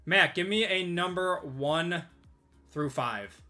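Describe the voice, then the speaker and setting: A man hosting a live stream from his desk, chatty and upbeat with quick laughs. His voice sits a bit high and sounds bright and forceful, though slightly strained. Faint music plays behind him. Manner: upbeat, chatty, reads out buyer names, laughs easily. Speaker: host of a live sports card group break. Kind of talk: casual live-stream chat.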